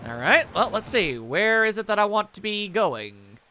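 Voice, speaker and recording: A man's voice: sits high, normal speed, a little hiss or hum. A man hosting a let's play video, joking playfully between lines of game dialogue. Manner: playful, animated, joking asides. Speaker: gaming video host.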